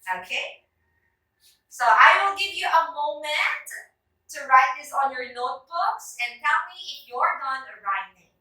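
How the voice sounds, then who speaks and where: A Filipino woman leads a class with a high, bright voice that rises and falls freely. She speaks slowly and deliberately, calling on students one by one. The sound is very echoey and picked up from across the classroom. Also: animated, far from the mic. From Philippines. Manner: calls on students by name, clear and deliberate. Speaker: teacher. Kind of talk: classroom teaching demonstration.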